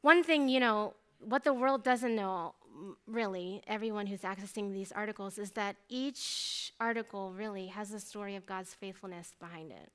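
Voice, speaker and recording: A woman in her thirties, a mathematician giving a faith testimony talk, telling her story in an animated, chatty way with many asides. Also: medium pitch, moderate pace, few pauses, clean tone.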